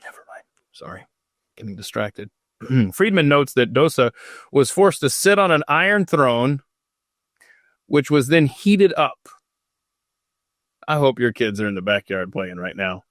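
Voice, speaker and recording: A man's voice: medium pitch, very animated, a little slow, long pauses, fairly bright tone, no room sound, clean studio sound. A man hosting a podcast in an unscripted, casual way, drifting off topic into self-mocking asides while reading out history. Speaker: podcast host.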